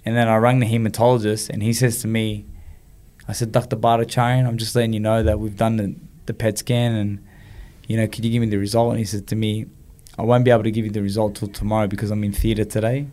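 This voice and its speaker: A man recounts a personal story as an interview guest. His voice sits a little low, and he brings his story to life by acting out what people said. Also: fast. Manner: animated storyteller, acts out quoted dialogue. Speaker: guest, former boxer.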